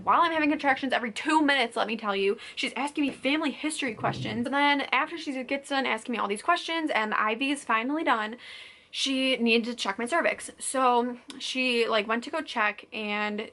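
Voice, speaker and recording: A woman's voice: fairly high pitch, a little fast, bright, forceful tone, slight background noise. A young woman vlogger telling a story casually to camera, chatty and full of "like," acting out what people said. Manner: chatty, says "like" constantly, acts out quotes.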